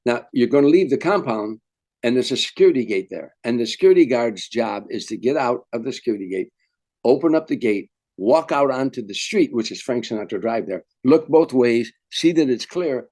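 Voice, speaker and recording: An older man, a veteran comedian, telling lively anecdotes in an interview and acting out the voices of people in his stories. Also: mid-range voice, fairly quick. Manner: animated storyteller, acts out quotes. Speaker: guest comedian. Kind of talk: storytelling interview.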